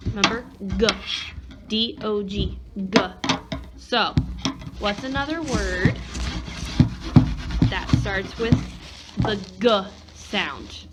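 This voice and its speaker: A woman's voice: medium pitch, very slow, pauses often, over loud music. A woman teacher giving a one-on-one phonics lesson, patiently sounding out letters and words.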